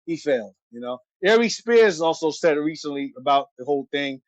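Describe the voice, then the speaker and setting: A man's voice: fairly high pitch, expressive, fairly quick, dry recording, lo-fi sound. Rambling male live stream host. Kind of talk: casual live stream chat.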